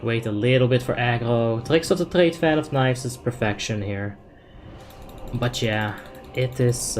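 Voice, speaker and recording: A man's voice: mid-range voice, darkish tone. A young man casually commenting on his gameplay, reading chat aloud and explaining tactics in a laid-back, filler-heavy way. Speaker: game streamer.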